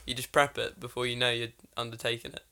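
A man with a bright, sharp tone, talking bluntly as a podcast co-host. He swears freely and calls his friend mate. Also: mid-range voice, little pitch movement, fast talker, vocal fry, slight background noise. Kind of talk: casual chat.

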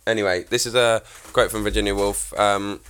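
A man's voice: on the low side, steady tone, brisk, a bit bright, smooth. A man co-hosting a podcast, teasing his co-host with crude humour and laughing often in casual chat.

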